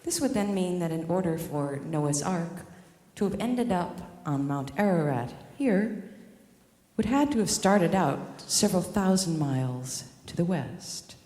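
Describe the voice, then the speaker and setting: A woman telling a story in a slow, dry, deadpan spoken-word style. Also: on the low side. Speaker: performance artist. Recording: echoey hall with music behind.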